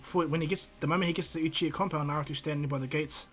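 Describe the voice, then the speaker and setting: A man's voice: a little high, steady tone, rapid-fire, fairly bright tone, soft background music. A man improvising a fan-fiction story, rambling with many fillers and restarts.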